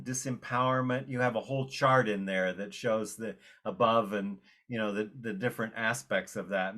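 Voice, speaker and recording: A man interviewing an author and asking relaxed questions about his book. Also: fairly low pitch.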